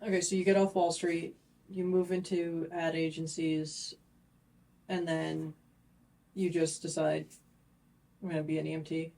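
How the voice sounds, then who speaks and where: Interviewer, female, low gravelly voice, flat and unhurried. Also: low-quality recording. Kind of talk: interview questions.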